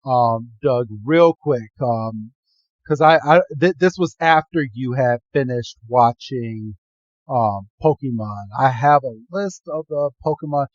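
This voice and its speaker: A man co-hosting a podcast, recapping a film in a casual, animated way and acting out the characters' lines. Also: medium pitch, takes it slowly, no room sound, dull audio. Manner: animated, fond of acting out quotes. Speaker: podcast co-host.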